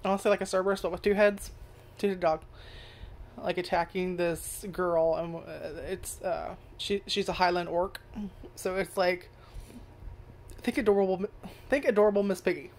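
A woman's voice: lowish voice, steady tone, normal speed, pauses often, a little mellow. A woman giving casual first impressions of a show, rambling, swearing freely and correcting herself as she goes. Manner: rambling, profane, self-correcting. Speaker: anime reviewer.

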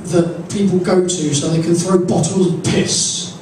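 A male stand-up comedian hosting a club night, talking slowly and dryly as he lands crude punchlines. His voice sits fairly high for a man. It reaches the mic from far off in a heavily echoing room with a faint hiss. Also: steady tone. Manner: dry, deliberate storytelling with crude punchlines. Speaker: comedian and compere.

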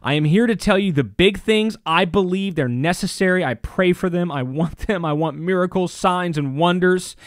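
A man's voice: high voice, normal speed, hardly any pauses, dry recording, clean studio sound. A man preaching a sermon as a pastor, impassioned and emphatic, repeating phrases for stress.

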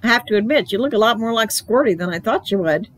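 A woman's voice: fairly high pitch, lively intonation, fast. A woman voicing a patient, mildly exasperated mother in a storybook reading, matter-of-fact and dry. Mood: amused.

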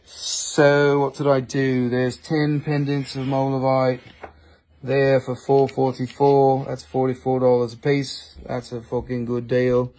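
A man hosting a casual livestream sale, reading off prices briskly and swearing now and then. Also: mid-range voice, completely flat delivery, a little mellow. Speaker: livestream seller. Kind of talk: casual live sales stream.

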